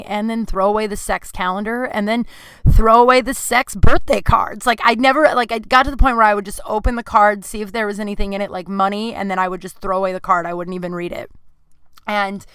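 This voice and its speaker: A woman hosts her own podcast and talks through a personal story, her voice teary at times. She is bright and crisp, and her speech is full of "like" fillers. The sound is close and dry, recorded in a closet. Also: medium pitch, no room sound. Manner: emotional, tearful, many "like" fillers. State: crying at times. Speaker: podcast host. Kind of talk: personal confessional monologue. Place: closet at home.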